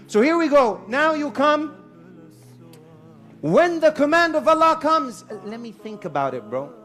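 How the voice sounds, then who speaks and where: A man preaching a lively sermon to a live audience in a hall, telling stories with acted-out voices and mixing in Arabic phrases. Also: very high-pitched, a little slow, soft background music. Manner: animated storyteller, acts out shouting characters; mixes Arabic phrases and Quranic recitation. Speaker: Islamic preacher.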